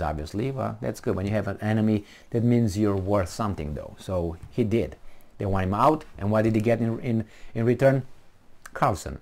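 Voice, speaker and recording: A man hosting a commentary video, delivering a blunt, indignant rant. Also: lowish voice. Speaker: commentary host. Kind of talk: ranting monologue to camera.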